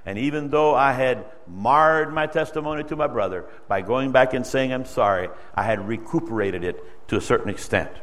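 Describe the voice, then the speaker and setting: A male preacher delivering an emotional sermon, swinging from loud exhortation to hushed storytelling. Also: medium pitch, normal speed, hardly any pauses. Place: church sanctuary. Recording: long reverb of a large hall.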